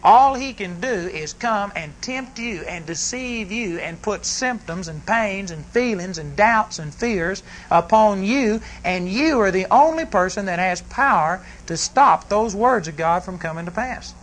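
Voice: medium pitch, lively intonation, a little slow, hardly any pauses, fairly bright tone, rough recording. A preacher delivers a folksy, rambling sermon to a congregation, often asking them questions and correcting themselves mid-thought. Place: church service before a congregation.

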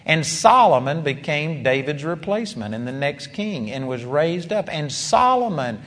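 A man's voice: fairly high pitch, very animated, normal speed, a bit bright, in a large hall. A man preaching a sermon, retelling a story with emphatic rises and asides.

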